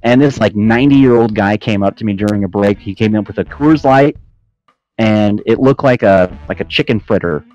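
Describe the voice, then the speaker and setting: A man's voice: lowish voice, moderate pace, darkish tone, highs cut off, faint music behind. A man chatting casually as a podcast guest, telling a story with lots of laughing and "dude" and "man". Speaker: podcast guest, flight sim air traffic controller.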